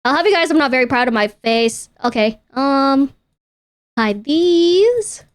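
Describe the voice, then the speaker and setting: High-voiced chatty young woman streamer. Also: fairly quick, clear, resonant tone. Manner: chatty, self-interrupting, playful, swears casually. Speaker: VTuber streamer. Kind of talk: casual livestream chat.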